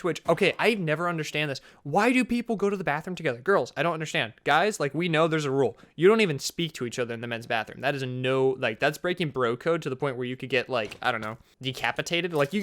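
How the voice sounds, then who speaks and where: A young man in his twenties telling a funny school story in casual vlog chat, full of fillers, and he jumps up high for exclamations. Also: fairly bright tone. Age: young adult. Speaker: storytelling vlogger.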